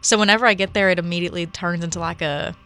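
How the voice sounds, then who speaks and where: Woman radio co-host from Texas, bright tone, casual rambling on-air chat. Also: on the low side, fairly even intonation, racing. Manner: chatty, laughs easily, trails off mid-sentence.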